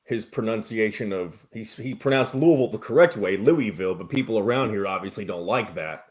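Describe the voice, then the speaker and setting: Low-voiced easygoing radio co-host. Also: male voice, a little fast. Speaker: radio co-host and commercial voice-over. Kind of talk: casual sports radio chat.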